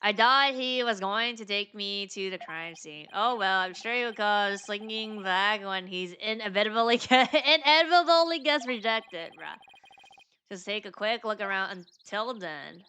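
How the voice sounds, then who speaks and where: An earnest young defense lawyer reasons aloud in a calm, level way, voiced by a woman playing a game. His tone is bright and firm. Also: medium pitch, a little slow, clear, resonant tone. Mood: pondering.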